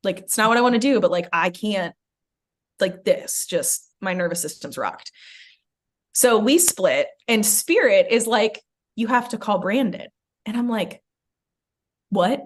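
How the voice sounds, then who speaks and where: A woman's voice: mid-range voice, measured pace. A young adult woman, a podcast host, telling a personal story in casual chat, filling her talk with "like" and acting out what others said. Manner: animated, many "like" fillers, acts out quoted lines.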